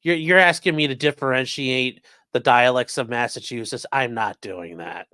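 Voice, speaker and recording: A man's voice: mid-range voice, moderate pace, pushed and bright. A man hosting a casual live stream, reacting to news clips with sarcastic, rambling remarks and reading viewer chat aloud.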